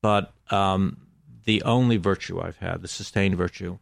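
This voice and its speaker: A middle-aged American man with a low, gravelly, creaky voice talks as an interview guest. He is reflective and measured, pausing often on fillers. The sound is close and dry. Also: steady tone, dry recording. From United States. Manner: measured, hesitant, many fillers. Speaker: filmmaker guest.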